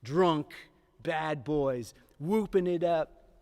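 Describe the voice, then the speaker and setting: A man telling a personal story live on stage, with dramatic pauses and repeated lines for emphasis. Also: fairly high pitch, warm tone. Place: historic theatre stage. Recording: long theatre hall reverb.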